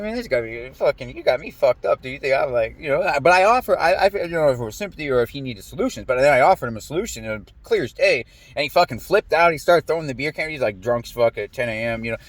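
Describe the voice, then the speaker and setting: A man rambling through a personal story, cursing freely and jumping up into a sharper voice whenever he quotes someone. His pitch sits in an ordinary middle range, and he talks in loose, looping sentences full of fillers. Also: dry recording. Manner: profane, animated, quotes people in raised voice. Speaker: podcast host.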